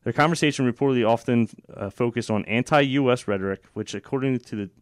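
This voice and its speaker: A man's voice: medium pitch, fast talker, no room sound, clean studio sound. A man hosting a political talk show, opinionated and sarcastic, with frequent fillers and restarts. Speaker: radio show host.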